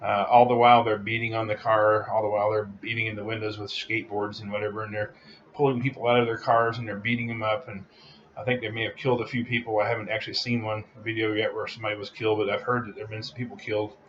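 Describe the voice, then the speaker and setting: A man's voice: on the low side, level tone, quick pace, fairly bright tone, lo-fi sound, a little hiss or hum. A man delivering a heated, repetitive opinion rant as a vlogger.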